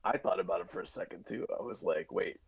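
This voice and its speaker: A man's voice: sits low, fast talker, vocal fry, slightly rough. A man in his forties, a guest in a casual chat, laughing and poking fun at himself. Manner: laughing, self-deprecating.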